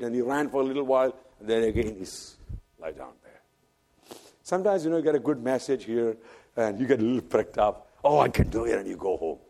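A man preaching a sermon, swinging from loud fervent cries to hushed near-whispers and repeating phrases for emphasis. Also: medium pitch.

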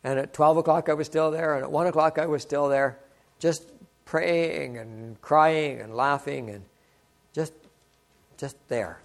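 A man's voice: a little high, unhurried, creaky. Earnest older man preaching. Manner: earnest, exclaiming, rhetorical questions. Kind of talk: sermon.

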